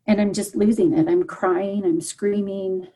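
A woman shares a hard personal story as an interview guest. Her voice is warm, husky and slightly breathy. She talks earnestly and haltingly, with frequent fillers and restarts. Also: mid-range voice, steady tone, rough recording. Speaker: guest, parent.

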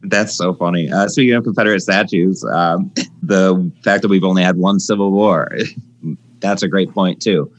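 Low-voiced relaxed man, faint room hiss. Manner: relaxed, halting, heavy fillers, laughs along. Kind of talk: casual podcast chat.

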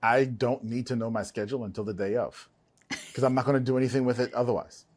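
A man's voice: mid-range voice, fairly even intonation, quick pace, a little mellow. A middle-aged man hosting a podcast, speaking in an emphatic, folksy way and talking straight to the listeners. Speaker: podcast host. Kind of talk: conversational podcast interview.

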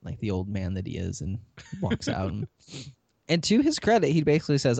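A man's voice: on the low side, fast talker, creaky, no echo. A man hosting a podcast, chatting casually as he recaps a TV episode and acts out the characters' lines. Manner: lively retelling, acting out characters' lines with laughs. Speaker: podcast host.

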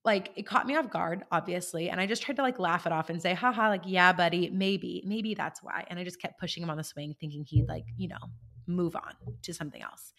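A woman hosting a podcast, talking listeners through a coaching idea in a casual, animated way and checking in with them as she goes. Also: fairly low pitch, fast. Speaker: podcast host and life coach. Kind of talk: conversational coaching monologue.

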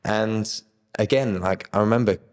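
Un giovane uomo dalla voce bassa racconta con naturalezza la sua storia di fede, imitando i dialoghi e ridacchiando. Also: male voice, normal speed, in a large hall. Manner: lively retelling with quoted dialogue and chuckles. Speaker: guest sharing his faith testimony. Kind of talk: casual personal storytelling.

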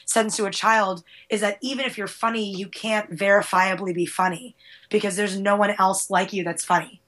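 A woman's voice: mid-range voice, moderate pace. A woman from Queens, New York, chatting as a guest, telling stories candidly with lots of restarts. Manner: candid, animated storytelling with many restarts. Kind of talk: casual chat.

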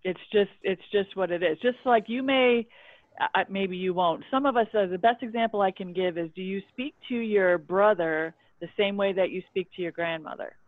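A guest who works as a public relations consultant, talking in a measured way and explaining with examples. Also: female voice, mid-range voice, dry recording. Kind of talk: casual conversation. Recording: dry tinny phone-like line.

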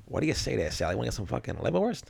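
A man's voice: mid-range voice, wildly swooping pitch, rapid-fire, gravelly, darkish tone, slightly rough, exaggerated voice. A man doing a folksy old-timey fellow. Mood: jokey. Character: old-timey 1940s everyman, chummy and nosy. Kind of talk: mock old-fashioned voice in casual chat.

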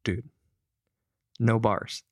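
A man's voice: fairly low pitch, level tone, drawn-out words, a little mellow, no echo. A young man co-hosting a podcast, telling stories loosely and swearing freely in casual chat. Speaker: podcast co-host.

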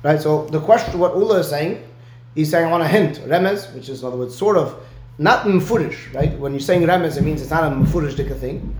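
A man's voice: fairly high pitch, animated, fairly quick, roomy sound. A man giving a one-on-one Talmud lesson, explaining step by step and often checking in with "right?". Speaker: Talmud teacher.

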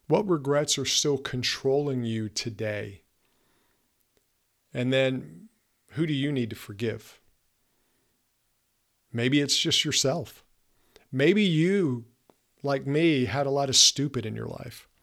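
A man's voice: medium pitch, creaky. Earnest fifty-something male podcast host. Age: 50s. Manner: earnest and emphatic, directly coaching listeners. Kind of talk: motivational podcast talk.

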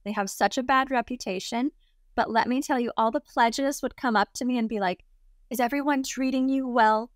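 A woman guest telling a story in a casual, lively way. She laughs often and acts out the people she quotes. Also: on the high side, brisk, no echo, studio quality. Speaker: interview guest.

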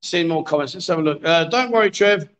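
A man's voice: on the high side, animated, brisk, a bit bright, low-quality recording. Jokey man hosting a livestream. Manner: jokey, coaxing, chatty with viewers. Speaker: livestream host. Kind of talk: live-streamed pool game commentary. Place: bar with a pool table.

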